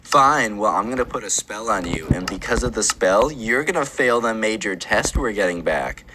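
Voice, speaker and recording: A man's voice: fairly low pitch, expressive, moderate pace, background noise, lightly acted. A man voicing a smug, taunting schoolboy who claims to be a wizard, told in a casual story.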